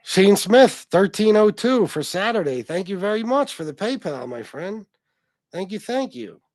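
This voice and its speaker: A man's voice: high-pitched, sing-song, normal speed, darkish tone, dry recording. A man hosting a casual livestream, reading out donations and chat comments, rambling and swearing freely with many restarts. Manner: rambling and profane, with frequent restarts. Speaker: livestream host.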